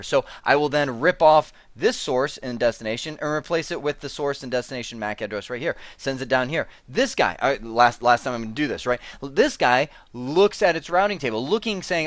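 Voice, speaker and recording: Animated male networking instructor, dry sound. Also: medium pitch, brisk, dry recording. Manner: animated, acts out routers in quoted voices. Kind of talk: whiteboard technical lecture.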